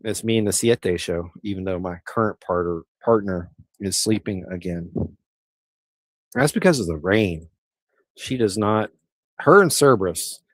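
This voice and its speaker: Brief: middle-aged male streamer, rambling, easygoing chat, deeper voice. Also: animated, a little slow, long pauses, dry recording. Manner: rambling, easygoing, with frequent restarts. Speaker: livestream host. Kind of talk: casual livestream chat answering viewer comments.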